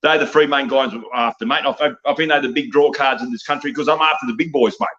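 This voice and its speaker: A man's voice: mid-range voice, fast, fairly bright tone, highs cut off. An older Australian man, around seventy, rants bluntly and profanely as an interview guest, tagging "mate" onto nearly every line. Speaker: wrestling guest. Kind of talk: ranting interview talk.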